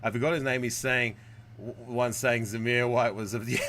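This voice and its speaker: A man streaming a football video game live, chatting with viewers and swearing and shouting at plays. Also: medium pitch, fairly even intonation, moderate pace, a little hiss or hum. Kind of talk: live gameplay commentary.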